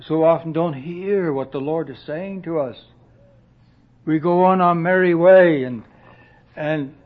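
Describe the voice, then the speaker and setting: A man preaching a sermon in a slow, earnest way, often dropping to a soft hush and clearing his throat. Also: medium pitch. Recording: dull lo-fi recording.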